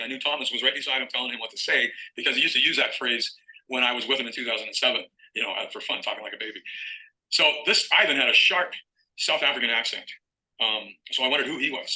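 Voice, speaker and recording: A man's voice: medium pitch, bright, forceful tone, low-quality recording. A middle-aged man telling a long story in an interview as a guest author, acting out phone calls as he goes.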